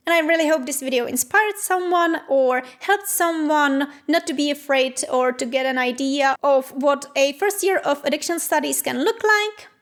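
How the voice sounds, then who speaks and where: A young woman in her twenties hosting a casual vlog, chatty and self-deprecating, livening up as she tells stories. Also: high-pitched. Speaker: channel host and student.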